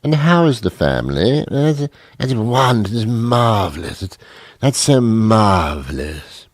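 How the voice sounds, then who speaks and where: A man's voice: on the low side, sing-song, unhurried, no room sound, studio quality, voice pushed up. A man voicing a genteel, prim tea drinker with a dainty, mannered way of talking. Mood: prim, delighted.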